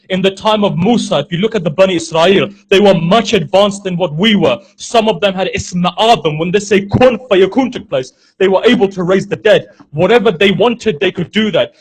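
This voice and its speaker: A man's voice: high-pitched, husky, low-quality recording. A man preaching a sermon from a pulpit, telling a story and asking rhetorical questions with heavy repetition.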